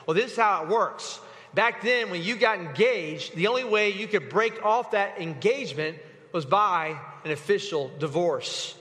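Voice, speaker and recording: A man preaching a sermon in a church, telling the story with animated acting and quick asides to the congregation. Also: sits high. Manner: animated storytelling, acts out voices of people in the story. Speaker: pastor. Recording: long hall reverb.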